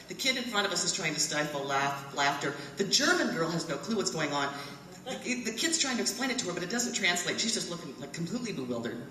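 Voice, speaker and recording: A woman in her fifties telling a funny story live to an audience in a fellowship hall, animated and often laughing. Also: fairly low pitch. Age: 50s. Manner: animated, laughing as she tells it. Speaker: alumni storyteller. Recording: echoey hall, voice from far off.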